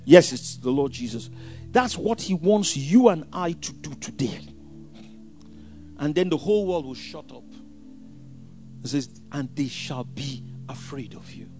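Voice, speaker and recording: A man preaching a sermon, swinging from hushed asides to shouted scripture quotes. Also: fairly high pitch.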